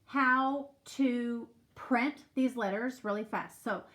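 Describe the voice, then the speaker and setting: A woman's voice: fairly high pitch, slow, a bit bright. A woman teacher leading a remote phonics lesson for young children, patiently prompting and stretching out sounds.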